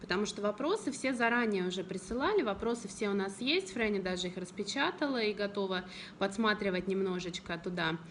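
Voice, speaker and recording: A woman with a Russian accent, an English teacher hosting a live-stream interview and firing quick questions at the audience and guest. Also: mid-range voice, animated, a bit bright, slight background noise.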